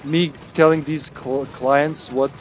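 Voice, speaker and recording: A man's voice: fairly high pitch, fairly even intonation, takes it slowly. A man with a Russian accent streaming a co-op video game, chatting casually and cracking jokes with his teammate. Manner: joking, playful banter. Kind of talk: casual co-op gaming chat.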